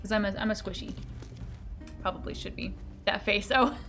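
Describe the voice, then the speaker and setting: Bubbly and giggly, a woman talks casually with her viewers as she streams a game over soft background music. Her mid-range voice has a fairly bright tone and a moderate pace.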